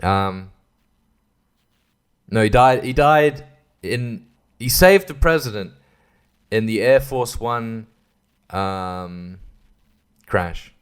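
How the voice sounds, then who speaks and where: A man's voice: on the low side, expressive, drawn-out words, long pauses, clear, resonant tone. A tired man hosting a solo podcast in a rambling, crude, profane way, laughing at his own jokes. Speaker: podcast host. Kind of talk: casual solo podcast chat.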